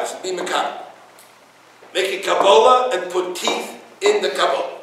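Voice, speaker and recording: A man teaching a Torah class, his voice pitched high and lively as he tells stories and acts out the people in them. He sounds far from the microphone in a strongly echoing room. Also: a little fast. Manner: animated storyteller, acts out dialogue, Yiddish and Hebrew words. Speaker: rabbi giving a Torah class. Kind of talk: informal Torah lecture with stories and humor. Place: room with listeners.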